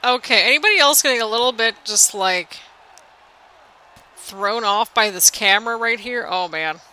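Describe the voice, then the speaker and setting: A woman's voice: on the high side, moderate pace, sharp tone, rough recording. A young woman, a little tired, chatting in a rambling, sing-songy way as she commentates a wrestling video game for her channel. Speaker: gaming channel host.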